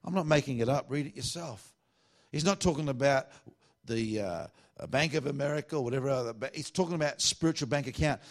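A man preaches to a church meeting in a loose, conversational way, with self-mocking jokes along the way. His pitch sits in the middle of the male range. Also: fairly quick. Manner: chatty, self-mocking, joking asides. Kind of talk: sermon.

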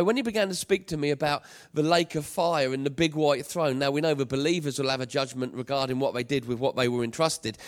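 A man delivering a sermon with a somewhat high voice. He preaches emphatically, repeating his lines and swelling into passionate appeals as he tells a personal story. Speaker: pastor.

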